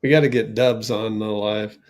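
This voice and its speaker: A man hosting a fan watch party stream, giving casual play-by-play, reacting loudly to plays and reading the chat aloud. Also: lowish voice, steady tone, normal speed.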